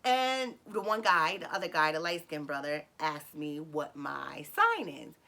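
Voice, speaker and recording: Woman vlogger, lowish bright voice, chatty storyteller with lots of ums and sudden excited squeals. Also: measured pace, vocal fry. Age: adult with a son. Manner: animated, acts out dialogue with sudden high excited bursts; frequent fillers and self-corrections. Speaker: vlogger telling a personal story. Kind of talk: casual storytelling.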